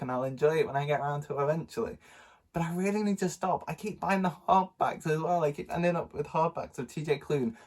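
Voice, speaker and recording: A man with a nasal, stuffy voice from a cold, chatting casually about books he bought, rambling with lots of ums and little laughs. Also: medium pitch. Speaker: book vlogger. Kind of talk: casual book haul vlog.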